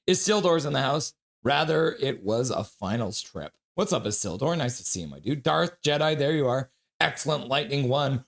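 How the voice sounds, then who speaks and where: A man's voice: a little high, animated, normal speed, vocal fry, hardly any pauses, fairly bright tone. A chatty man hosting a live stream who greets each viewer by name and reads their messages aloud. His voice rises and falls a lot. He has the sniffles and a runny nose. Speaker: livestream host. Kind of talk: casual live-stream chat reading viewer comments.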